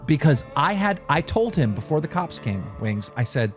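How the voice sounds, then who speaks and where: A man recounts a tense phone call in a profane, emphatic way, his pitch sitting fairly high and leaping around with every point. Faint music plays beneath his voice. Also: animated, moderate pace. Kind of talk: heated storytelling on a talk show.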